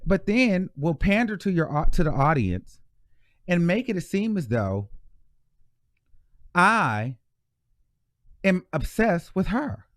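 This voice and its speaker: A man's voice: high-pitched, very animated, takes it slowly, pauses often, no room sound, studio quality. A man hosting a live gossip stream with sassy, blunt commentary. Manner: sassy, mock-preaching, blunt. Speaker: host of a live gossip show.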